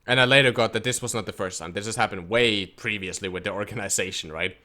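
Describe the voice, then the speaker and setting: Forceful low-voiced man telling a frustrated story. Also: fast. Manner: frustrated, emphatic, quotes others in his retelling. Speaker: esports team coach. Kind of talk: casual storytelling rant to camera.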